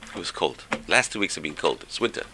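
A man's voice: low-pitched, animated, fairly quick, creaky, sharp tone, slight background noise. A man who seems to be a rabbi, giving an informal religious talk full of stories. He is chatty, repeats his phrases and chuckles between points.

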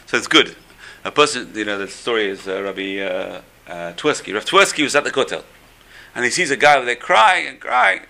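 A man's voice: medium pitch, lively intonation, a little fast, creaky, sharp tone. A man giving a storytelling religious class, repeating phrases for emphasis.

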